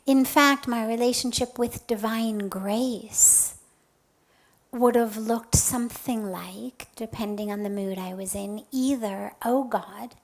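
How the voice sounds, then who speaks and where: A fairly high-voiced woman gives a spiritual talk as a teacher, unhurried and reflective. Her voice often sinks to a soft, breathy near-whisper and then lifts with emphasis on key words. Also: steady tone. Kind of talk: spiritual talk with personal storytelling.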